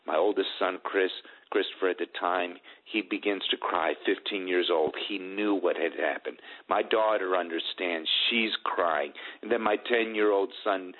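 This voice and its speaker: A middle-aged man telling a personal family testimony in an earnest, halting way, with many restarts. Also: low-pitched, narrow, tinny audio. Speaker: guest telling his family story.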